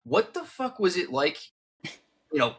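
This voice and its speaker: A man's voice: high-pitched, big pitch swings, unhurried, husky. A young man hosting a podcast, loose and swearing in casual chat. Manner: loose, swearing, enthusiastic host. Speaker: podcast host.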